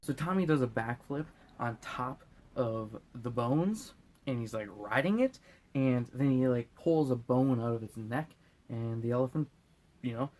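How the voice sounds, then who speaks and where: A man's voice: medium pitch, expressive, a little slow, a little mellow. A drunk man recapping a movie in a loose, crude, rambling way, often acting out lines in silly voices. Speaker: host.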